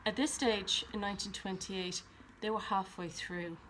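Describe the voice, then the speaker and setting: A woman's voice: mid-range voice, steady tone, normal speed, a bit bright, a little hiss or hum. A woman chatting casually about her books at home by her shelves, talking in a rambling way with many ums and restarts. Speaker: book vlogger. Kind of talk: casual chat.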